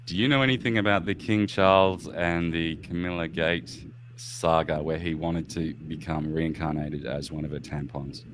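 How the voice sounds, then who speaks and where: A man's voice: very deep voice, fairly even intonation, moderate pace, slight background noise. A man hosting a podcast in casual chat, laughing often and swearing as he rambles. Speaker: podcast host.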